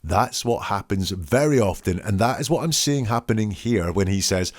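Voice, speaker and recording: Low, dry-voiced man analysing wording. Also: expressive, moderate pace, hardly any pauses, dry recording. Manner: analytical, reads quotes aloud and picks apart wording. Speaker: host analysing statements. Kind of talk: solo commentary.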